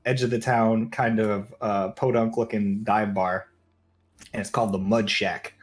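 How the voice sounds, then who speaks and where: A man's voice: lowish voice, fairly even intonation, measured pace. A man narrating a tabletop game as game master, casual and rambling, with lots of "like" fillers.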